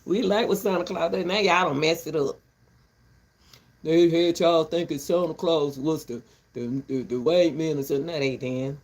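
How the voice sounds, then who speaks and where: A woman's voice: low-pitched, moderate pace, a little mellow. An older woman ranting casually to her viewers from her back porch, blunt and rambling, breaking into laughter often. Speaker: vlogger.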